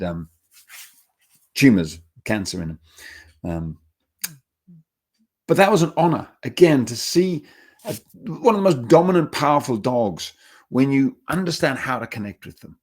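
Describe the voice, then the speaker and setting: A man giving a dog training webinar, telling stories with lively acted quotes and getting emotional at times. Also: lowish voice. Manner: animated storytelling, acts out dogs in quotes. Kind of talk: webinar talk.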